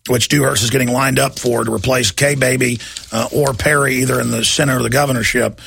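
A man's voice: medium pitch, fairly even intonation, quick pace, vocal fry, fairly bright tone, slightly rough, no echo. A male talk show host delivering a combative, sarcastic political monologue in a ranting manner.

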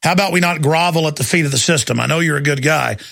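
A man's voice: fairly high pitch, fast, gravelly, a bit bright, no echo. A man hosting a talk radio show, ranting in an indignant, sarcastic monologue from a studio.

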